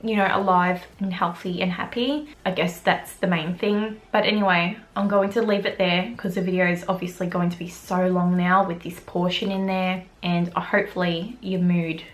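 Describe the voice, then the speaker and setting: A woman's voice: lowish voice, flat delivery, normal speed, hardly any pauses. A young Australian woman talking to camera on her vlog camera, open and emotional, with casual swearing. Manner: candid, emotional, swears freely. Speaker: beauty vlogger.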